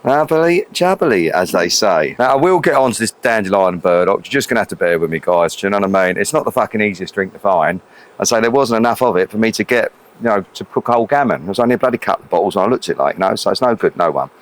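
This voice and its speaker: A man's voice: lowish voice, expressive, fast. A middle-aged man hosting a casual outdoor cooking vlog, chatty, cheeky and full of swearing. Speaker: cooking channel host. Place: outdoors at a grill.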